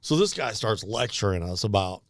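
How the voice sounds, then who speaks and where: A man's voice: on the low side, expressive, moderate pace, no echo, clean studio sound. Middle-aged man rambling through a story. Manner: rambling, laughing storyteller with many fillers. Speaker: podcast co-host. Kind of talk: casual storytelling chat.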